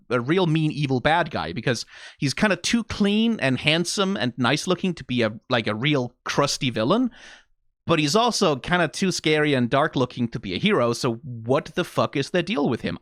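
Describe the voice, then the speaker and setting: A man's voice: fairly high pitch, fairly bright tone, no echo, studio quality. A man with a Danish accent giving casual, rambling commentary as a reaction YouTuber, swearing and firing off rhetorical questions. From Denmark. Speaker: video game reaction YouTuber.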